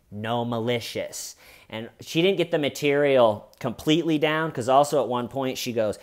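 A man giving casual comedic commentary on a true crime case, with sarcastic, incredulous asides. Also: mid-range voice.

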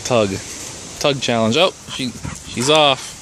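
A man's voice: medium pitch, slow pace, fairly bright tone, slight background noise. A young man filming his dogs outdoors, cheering them on and laughing, with casual swearing. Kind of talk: casual commentary while filming pets.

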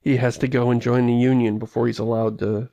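A man with a mid-pitched, gravelly voice hosts a casual podcast. He talks in an animated way and throws in quick asides. The sound is close and dry. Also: dry recording, lo-fi sound. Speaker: podcast host.

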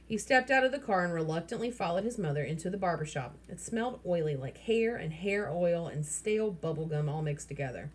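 Husky-voiced woman reading a novel aloud. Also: lowish voice, expressive, brisk, few pauses. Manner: breaks off to explain the story casually. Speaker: reader.

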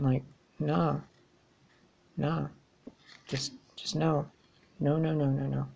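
A woman with a low, gravelly voice delivers a tarot reading straight to her viewers. She is blunt and exasperated, and swears freely as she talks. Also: completely flat delivery, takes it slowly, long pauses, dark tone. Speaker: tarot reader.

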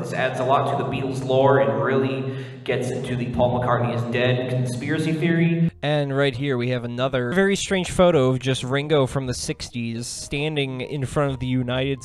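A young man giving comedic commentary with deadpan jokes and sudden laughs. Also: mid-range voice. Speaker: commentary YouTuber.

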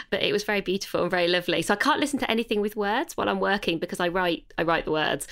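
A woman's voice: mid-range voice, a bit bright. Give me a reflective woman co-hosting a podcast, hesitant and thoughtful. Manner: reflective, hesitant, full of fillers. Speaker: podcast co-host. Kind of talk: casual podcast chat.

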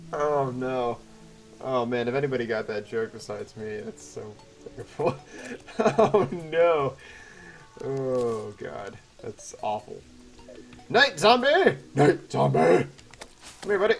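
A young man commentating a video game, excitable and chatty, yelping at danger and answering chat. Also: medium pitch. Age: young adult. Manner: excitable, yelps and exclaims, chatty asides to chat. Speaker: let's play host. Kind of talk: gameplay commentary.

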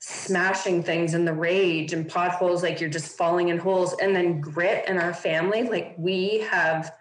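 A woman's voice: on the low side, steady tone, moderate pace, slight background noise. Woman telling her story in an echoey room. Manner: earnest and open, fillers like "like". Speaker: podcast guest. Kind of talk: personal storytelling in an interview.

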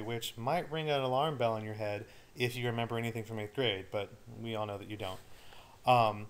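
A male history teacher giving a recorded study-guide lecture, casual and joking with his students. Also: mid-range voice.

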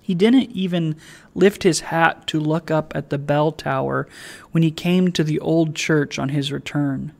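Man, library reader, novel read aloud, very slow, gravelly voice. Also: a little high, steady tone. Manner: slow, measured narration.

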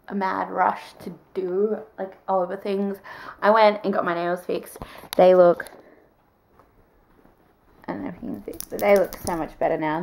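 A woman's voice: mid-range voice, vocal fry, poor audio. A young woman chatting casually in a vlog, giggling often and talking in baby talk to her dog. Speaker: vlogger. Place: walking outdoors on a street, later in bed at home.

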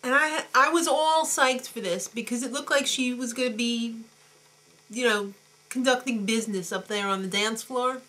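A woman's voice: fairly high pitch, normal speed, bright, forceful tone. A woman co-hosting a casual chat, snarky and gossipy, often giggling. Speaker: co-host.

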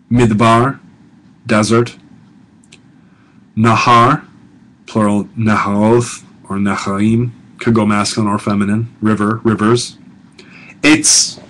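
A man teaching a language class as a professor, slow and deliberate, repeating words and explaining them. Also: medium pitch, fairly bright tone, rough recording. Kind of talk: recorded lecture.

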